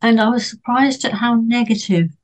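A woman's voice: a little high, normal speed, poor audio. A woman speaking as a panelist in a casual book club discussion, chatty and hesitant, with many fillers and restarts.

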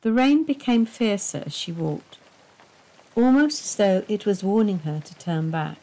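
A woman narrating an audiobook in a slow, measured way. Her pitch moves a great deal, giving the reading an expressive, storytelling lilt.

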